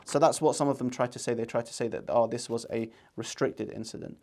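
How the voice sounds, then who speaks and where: This man talks fast, his medium-pitched voice steady and darkish in tone. He gives earnest, argumentative religious commentary, quoting scripture and reciting Arabic passages.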